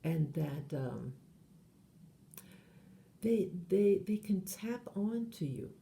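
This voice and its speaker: A woman's voice: on the low side, lively intonation, drawn-out words, gravelly, dark tone. A woman hosting her channel, talking in a meandering monologue full of fillers and self-corrections. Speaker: channel host. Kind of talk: rambling monologue.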